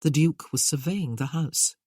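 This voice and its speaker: An audiobook narrator reading a period romance novel in an even, measured way. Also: medium pitch, breathy edge, dry recording, clean studio sound.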